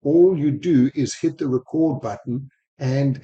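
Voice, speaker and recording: A man with a mixed South African, Spanish and American accent, a sales technology speaker giving a screen-recorded software walkthrough, talking quickly and enthusiastically into a desk microphone. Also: medium pitch, muffled recording. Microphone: desk microphone while screen recording.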